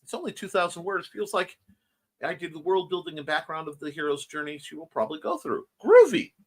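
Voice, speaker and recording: A man hosting a casual morning livestream, chatting with viewers and reading out their comments with quick asides. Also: on the high side, breathy edge. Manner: lively, chatty, quick asides and self-corrections. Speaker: morning show host.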